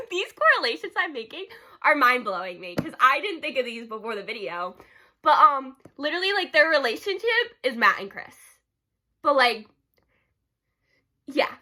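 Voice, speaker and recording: A woman's voice: high-pitched, sing-song, unhurried, sharp tone. A young woman rambling casually in a vlog, giggly and gushing, with constant "like" fillers. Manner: giggly, gushing, heavy use of "like". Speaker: book vlogger.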